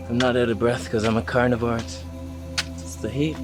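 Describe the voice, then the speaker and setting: A man's voice: medium pitch, steady tone, normal speed, over music. A man casually vlogging outdoors on a hillside, joking to himself and to the animals around him. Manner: jokey, talks to himself and the animals. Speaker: travel vlogger. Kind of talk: casual vlog narration.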